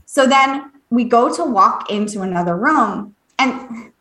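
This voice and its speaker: A woman, a podcast co-host and medium, telling a story in a casual, animated way, laughing often, swearing and acting out what people said. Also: fairly high pitch, a little slow. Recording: echoey room.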